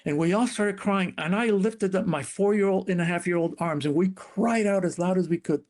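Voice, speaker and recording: A man's voice: normal speed, few pauses, a little mellow. Man telling a dramatic family story. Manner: earnest, dramatic retelling with shifting pitch. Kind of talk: storytelling interview.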